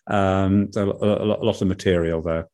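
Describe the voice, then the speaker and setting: An older man, a professional storyteller, telling a folk tale and then chatting in an interview with measured, hesitant speech. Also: deep voice, steady tone, a little mellow. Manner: measured, hesitant with many fillers. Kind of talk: oral storytelling and interview chat.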